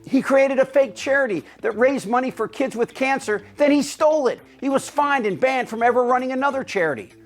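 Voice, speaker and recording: A man's voice: very high voice, animated, fairly quick, few pauses. Male host, scripted political commentary, cutting and sarcastic, faint music bed. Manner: biting, sarcastic delivery.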